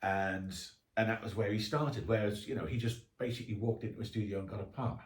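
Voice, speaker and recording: A man's voice: on the low side, fairly even intonation, fast. A man who is a guest author, telling anecdotes in a chatty, casual interview. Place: podcast recording room. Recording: roomy echo.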